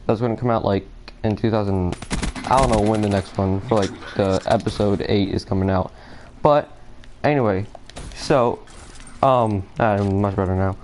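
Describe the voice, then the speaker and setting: Low-ish guy rambling while he plays a game, nervous, tons of ums and restarts. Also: normal speed, darkish tone, slight background noise. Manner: hesitant, filler-heavy, restarts a lot; distracted, nervous, apologetic. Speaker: gaming video creator. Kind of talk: rambling commentary while playing a shooter game.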